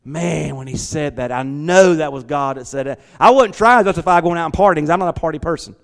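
A middle-aged man, preaching a lively, conversational sermon from a church hall. He repeats his words and talks back to the congregation. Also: on the high side, quick pace, vocal fry. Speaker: pastor. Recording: long church hall reverb.

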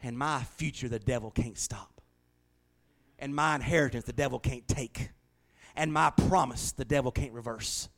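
A middle-aged man preaching a sermon, telling folksy stories that swing from hushed to loud. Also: medium pitch, fairly even intonation, normal speed, gravelly. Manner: folksy storytelling, shifting from hushed to shouting. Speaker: pastor.

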